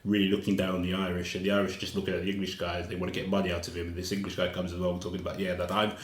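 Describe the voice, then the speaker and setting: Brief: low-pitched man, author guest, halting and filler-heavy, echoey room. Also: monotone. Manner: hesitant, many fillers and repeated words. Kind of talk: casual conversation.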